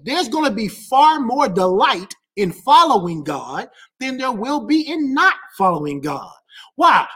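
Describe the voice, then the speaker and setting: A woman pastor preaching a sermon with passion, repeating key lines and rising to shouts at the high points.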